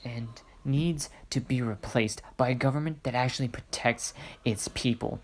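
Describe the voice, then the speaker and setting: A man voicing a worn-out young male hero in a fan-made story, reading his lines quietly and half-whispered. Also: medium pitch, moderate pace, lightly acted. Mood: defiant.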